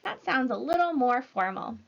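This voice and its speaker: A woman teacher giving a recorded language lesson to children, speaking slowly and clearly in an encouraging way. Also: sits high, expressive. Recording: slightly dull lo-fi audio.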